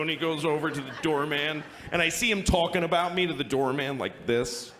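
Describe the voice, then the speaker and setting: A male comedian telling a wry, exasperated story, with sudden loud outbursts. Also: fairly high pitch, moderate pace, reverberant, background noise. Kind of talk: stand-up and talk show chat.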